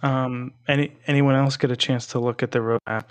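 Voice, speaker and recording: A man's voice: medium pitch, steady tone, fairly quick, no room sound. A man co-hosting a gaming podcast, chatting casually in an upbeat, joking way and laughing easily. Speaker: podcast co-host. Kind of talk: casual chat.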